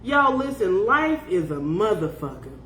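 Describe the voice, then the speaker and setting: A blunt woman in her fifties hosts a loose live podcast chat, reading viewer comments aloud, swearing freely and often breaking into laughter. Her medium-pitched, fairly bright voice is sing-song and a little slow, ringing in a roomy, echoing space with slight background noise.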